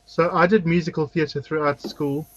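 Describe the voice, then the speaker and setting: A man hosting a relaxed drag talk show, chatting as he paints his face. His voice sits a little high and sounds dry and close to the mic. He tells long stories and acts out the lines of the people in them. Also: moderate pace, dry recording, rough recording. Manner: chatty storyteller, acts out quotes. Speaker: drag queen host. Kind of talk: casual chat while doing makeup.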